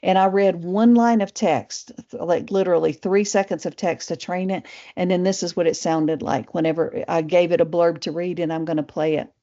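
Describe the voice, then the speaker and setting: A woman's voice: fairly low pitch, steady tone, normal speed, warm tone. A middle-aged woman with a Southern Appalachian accent, presenting a casual live webinar in a chatty way, full of fillers and restarts. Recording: muffled lo-fi webinar audio.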